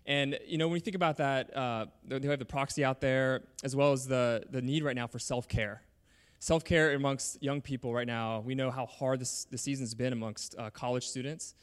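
Male church host, mid-pitched voice, earnest, leads the congregation in prayer. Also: steady tone, normal speed, clear, resonant tone. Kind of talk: introducing guests and leading prayer.

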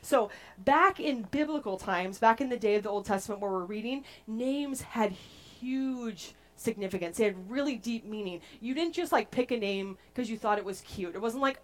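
A young adult woman preaching a casual, playful sermon to a group, chatty and animated as she tells stories. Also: a little high, moderate pace.

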